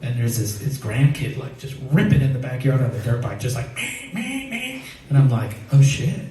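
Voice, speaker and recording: A man's voice: medium pitch, steady tone, fairly quick, warm tone, very echoey, recorded from a distance, slight background noise, low-quality recording. A man telling a profane, rambling personal story and laughing through it. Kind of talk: live storytelling.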